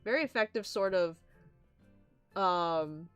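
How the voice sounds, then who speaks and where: A young woman casually reading a comic aloud and commenting, animated and excitable. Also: fairly low pitch, takes it slowly, smooth, soft background music. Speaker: comic reader.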